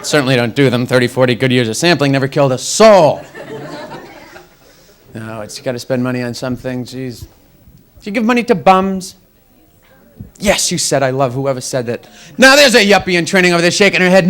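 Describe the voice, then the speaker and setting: A man's voice: medium pitch, expressive, quick pace, a bit bright. A young man doing a stand-up comedy set on a club stage, wry and mocking, slipping into quoted voices.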